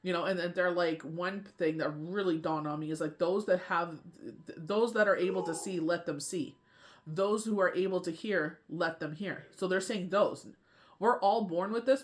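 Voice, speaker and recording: A tarot reader and medium in a casual spiritual talk, rambling and often asking "you know what I mean". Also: medium pitch.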